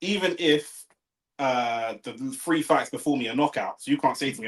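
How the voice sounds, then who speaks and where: A young man hosting a live stream, talking in animated, argumentative banter. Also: medium pitch. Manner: quick, animated, argues his point. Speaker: host of a live watch-along stream. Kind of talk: casual banter.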